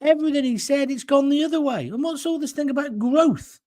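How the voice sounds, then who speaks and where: A man's voice: extremely high pitch, fairly quick, a little mellow. An older man from England hosting a political talk show, delivering a blunt, opinionated monologue with sarcastic asides. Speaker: host.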